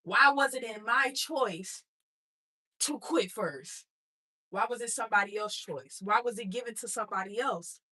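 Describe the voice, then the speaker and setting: A woman's voice: medium pitch, moderate pace, pushed and bright. An adult woman and mother telling her own story in a blunt, streetwise motivational talk, speaking straight to her listeners.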